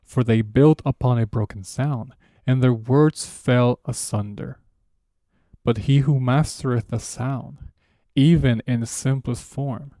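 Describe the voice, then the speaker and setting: A solemn reader of archaic scripture, as a man puts him on, with a slow, lofty cadence. The voice is gravelly and mellow. The recording is dry and close, with no room around it. The speaker's first language is Spanish. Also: medium pitch, no room sound, natural voice.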